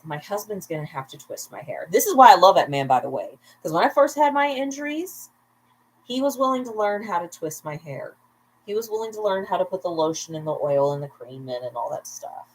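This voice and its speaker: A woman with a low, husky voice hosts a casual livestream from home at bedtime. She is a little tipsy, rambles freely, laughs often and keeps turning aside to chat with her viewers. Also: rough recording. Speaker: vlogger, livestream host.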